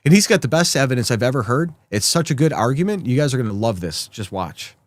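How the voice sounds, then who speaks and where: A man's voice: mid-range voice, sing-song, fast, no room sound. A man hosting a live political commentary show, talking sarcastically and mockingly to his viewers.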